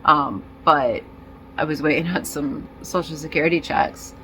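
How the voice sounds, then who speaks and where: A woman talking in a casual personal vlog, rambling and halting with many fillers and restarts, in nicotine withdrawal and feeling disoriented. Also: low voice, a bit bright, a little hiss or hum, poor audio. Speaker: vlogger.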